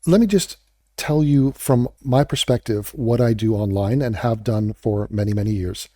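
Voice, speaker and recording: A man's voice: mid-range voice, normal speed, warm tone, no echo. Sarcastic foul-mouthed guy ranting into the mic, darkish voice, dry close sound. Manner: blunt, profane, sarcastic. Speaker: online video creator. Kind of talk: ranting commentary vlog.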